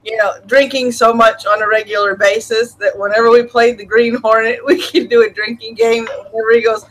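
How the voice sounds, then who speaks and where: A woman's voice: a little high, little pitch movement, a little fast, a bit bright, slight background noise, rough recording. A woman chatting casually on a stream, teasing and laughing easily. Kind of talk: casual chat.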